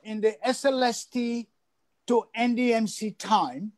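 A man from Sierra Leone, a local councillor, answering interview questions in a measured way and repeating words as he finds his phrasing. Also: extremely high pitch, no room sound. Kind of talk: interview answers; opening lines a prepared campaign statement.

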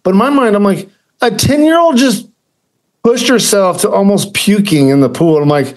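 A man's voice: high-pitched, normal speed. A man co-hosting a podcast, talking in a casual, rambling way with lots of fillers and self-corrections. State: choked up with emotion. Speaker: podcast co-host. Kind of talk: casual chat.

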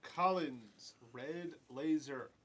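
Over the crinkle of packs in a noisy room, a man hosts a live card break, calling out player names and chatting with viewers as he tears packs open. His voice is fairly high and slightly rough, and he speaks very slowly.

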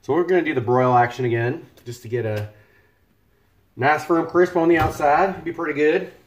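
A man's voice: fairly high pitch, moderate pace. A man chatting casually on a cooking livestream, joking and thanking viewers by name. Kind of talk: casual live-stream chat while cooking. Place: home kitchen.

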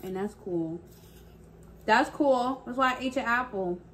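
Woman w a high voice doing a prank vlog, slow easy talk, some faint room noise. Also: a bit bright. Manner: playful scolding, talks to toddler and viewers. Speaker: parent vlogger.

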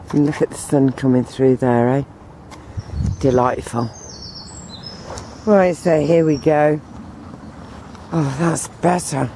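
A woman talking to the camera on an outdoor walk, meandering with many pauses and fillers. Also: low-pitched, dark tone, a little hiss or hum. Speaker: vlogger. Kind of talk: rambling walk-and-talk vlog.

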